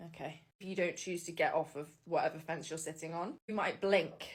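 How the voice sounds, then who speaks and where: A woman's voice: deep voice, steady tone, brisk. A woman in a tearful, emotional vlog monologue, swearing and voice jumping up as she talks.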